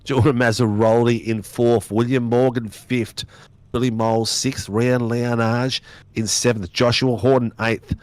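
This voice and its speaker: A man's voice: mid-range voice, little pitch movement, measured pace, dry recording. Laughing man calling sim racing. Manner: chatty, laughing, slangy banter. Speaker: race commentator.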